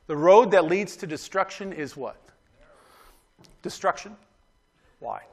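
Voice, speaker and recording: Man preaching, high-pitched voice, conversational, emphatic, keeps checking in with the congregation. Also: animated, a little slow. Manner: conversational preaching with frequent "right?" asides; emphatic, exhorting. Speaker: pastor. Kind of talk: sermon.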